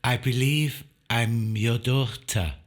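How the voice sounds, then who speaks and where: A man voicing a calm, direct French woman in her thirties, speaking with a French accent. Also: medium pitch, takes it slowly, voice pushed up, lightly acted.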